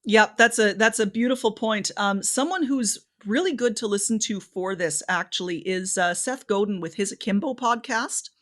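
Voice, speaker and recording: A woman guest on a podcast, giving speaking advice in an animated, expressive way with lots of pitch variation. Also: moderate pace, few pauses.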